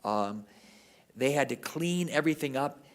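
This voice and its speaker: A man's voice: mid-range voice, lively intonation, a little slow. A man giving an informal history lecture at a parish, talking off the cuff and often ending sentences with "right?".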